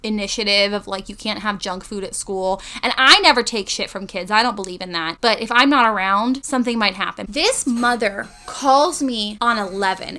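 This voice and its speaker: Bright-voiced woman telling a story. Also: on the high side. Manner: animated, swears freely, many "like" fillers. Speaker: podcast co-host and teacher. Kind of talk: casual storytelling chat.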